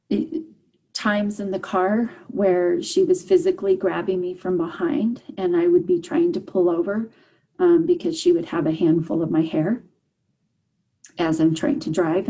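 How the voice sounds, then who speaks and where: A woman shares a hard personal story as an interview guest. Her voice is warm, husky and slightly breathy. She talks earnestly and haltingly, with frequent fillers and restarts. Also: lowish voice, poor audio. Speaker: guest, parent.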